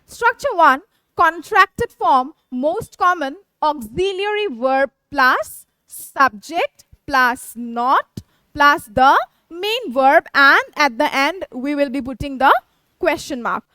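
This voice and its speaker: Female grammar tutor, high-pitched, unhurried, keeps checking in with the class. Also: bright, forceful tone, dry recording. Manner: repeats "yes" and "okay", reads examples slowly and deliberately. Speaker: English teacher.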